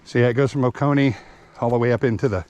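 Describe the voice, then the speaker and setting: A man's voice: medium pitch, fast, a little mellow, dull audio. Chatty out-of-breath man hiking outdoors. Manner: chatty, explains gear plainly. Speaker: hiking vlogger. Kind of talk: casual vlog narration while hiking. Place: outdoors on a wooded park trail.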